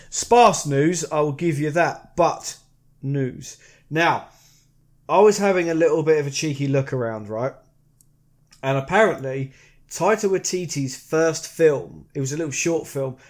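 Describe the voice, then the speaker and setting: A man hosting a podcast in casual chat, easygoing and chatty. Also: on the high side. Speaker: podcast host.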